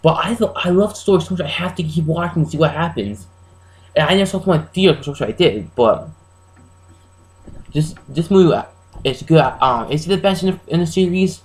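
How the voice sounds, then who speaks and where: A man giving a casual, rambling, spoiler-heavy recap of a horror film as a reviewer, excitable and full of restarts. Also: fairly high pitch, brisk, poor audio.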